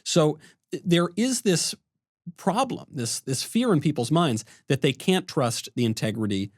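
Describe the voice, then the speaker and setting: A man co-hosting a political podcast who lays out an argument step by step in an animated way. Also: fairly high pitch, unhurried, no echo, clean studio sound. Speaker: podcast co-host. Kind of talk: casual political talk.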